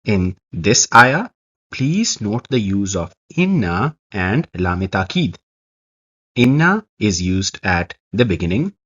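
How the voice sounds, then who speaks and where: A man narrating a scripted Arabic grammar lesson, explaining each example slowly and carefully. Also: mid-range voice, a bit bright, muffled recording.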